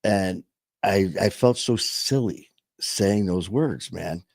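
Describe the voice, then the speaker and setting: A man's voice: low voice, slow, vocal fry, darkish tone, no echo, studio quality. A man hosting his own show, talking in a rambling, emphatic way and swearing often as he reflects casually. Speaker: show host.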